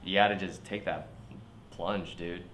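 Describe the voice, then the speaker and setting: A man's voice: deep voice, steady tone, unhurried, a bit bright, roomy sound, a little hiss or hum. A man from California, a comedian guest telling stories in a casual podcast chat, swearing freely and acting out what people said. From United States, California. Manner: laid-back storyteller, swears freely, acts out quotes.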